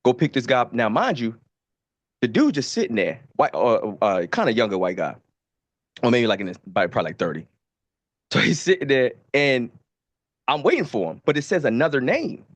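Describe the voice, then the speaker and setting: Podcast guy from baltimore, cursing a lot, animated storytelling, dry sound. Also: mid-range voice, brisk, no room sound. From Baltimore, USA. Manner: profane and animated. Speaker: podcast co-host. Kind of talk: casual storytelling.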